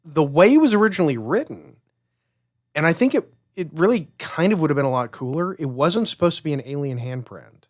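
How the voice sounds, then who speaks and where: A man's voice: a little high, animated, fairly quick. A man co-hosting a casual movie podcast, enthusiastically laying out plot theories at length. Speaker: podcast co-host. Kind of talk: casual movie review chat.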